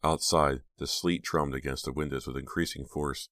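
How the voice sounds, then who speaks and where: Man, audiobook narrator, extremely low voice, dry close sound, steady. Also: normal speed, no room sound. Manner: steady, suspenseful reading. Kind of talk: scripted narration.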